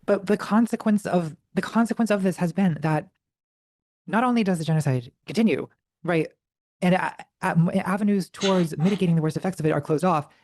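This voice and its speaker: A woman in a political debate, talking in a measured way while pressing her point. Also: on the low side, darkish tone.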